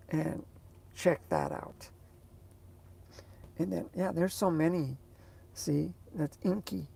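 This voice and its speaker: A woman's voice: low-pitched, vocal fry, warm tone, slightly rough. A woman vlogger chatting casually to her viewers, rambling and hesitant as she searches for words.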